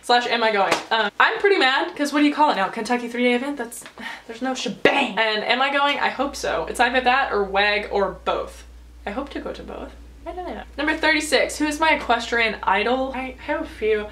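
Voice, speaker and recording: A woman's voice: fairly high pitch, animated, brisk, a bit bright. Bubbly teenage girl answering viewer questions. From United States. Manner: bubbly, chatty, giggles between answers. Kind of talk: casual Q&A vlog. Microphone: camera mic.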